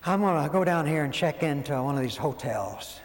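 A man, preaching a sermon as folksy, animated storytelling and acting out quoted voices. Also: fairly high pitch, fairly quick. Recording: long hall reverb, faint background noise.

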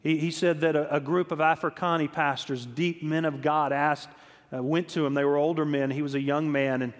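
Man, preacher, sermon, emphatic, repeats words, somewhat high voice, long hall echo. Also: steady tone, normal speed.

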